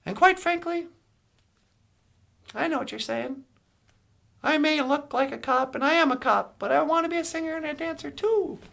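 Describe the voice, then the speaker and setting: A woman's voice: high voice, moderate pace, creaky, pauses often, a bit bright. A woman voicing a male police officer who speaks in an officious, matter-of-fact way.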